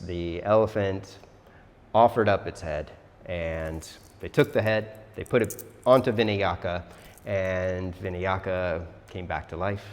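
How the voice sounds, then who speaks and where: Casual male storyteller-teacher, relaxed and chatty, low voice, long reverb. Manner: chatty, relaxed, says "like" a lot. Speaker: yoga teacher.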